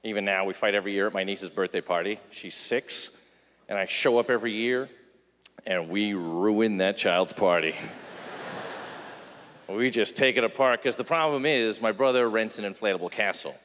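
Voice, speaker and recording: Man, stand-up comedian, animated storytelling, acted-out voices, live stage, long hall reverb. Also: fairly low pitch, normal speed.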